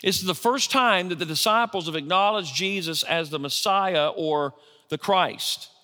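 A middle-aged pastor preaches in a relaxed, conversational way, tossing questions back to his congregation. His voice is bright and forceful and sits a little high. The sound rings out with the long reverb of a church hall. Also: a little slow. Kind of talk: sermon.

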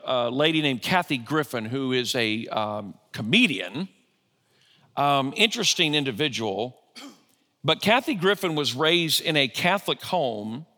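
A man's voice: a little high, pushed and bright, long reverb tail. A middle-aged man preaching a sermon in a church, conversational, often asking his congregation questions. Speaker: pastor.

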